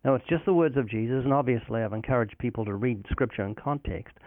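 A man's voice: medium pitch, fast talker, dry recording. Guy preaching earnestly on a tinny phone line, dry sound, acts out little back-and-forths. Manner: earnest preaching delivery, quoting scripture and acting out dialogues. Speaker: evangelist guest. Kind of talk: recorded phone interview about faith.

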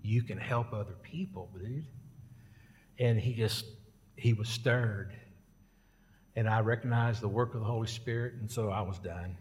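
A man's voice: lowish voice, breathy edge, long reverb tail. A man preaching a casual sermon, telling a story in a folksy, joking way.

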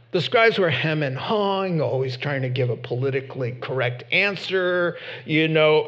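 A man preaching a sermon in an animated, emphatic way, with sudden loud bursts. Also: medium pitch, dull audio. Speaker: pastor.

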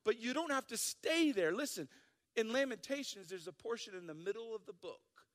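High-voiced joking male preacher. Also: moderate pace, in a large hall. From South Dakota. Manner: animated, joking, acts out listeners' voices. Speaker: pastor. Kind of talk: sermon.

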